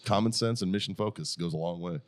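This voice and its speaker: A man's voice: sits low, fast talker. A middle-aged American man telling profane stories in casual podcast chat, laughing often as he goes. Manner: profane, storytelling, laughs a lot. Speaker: podcast host.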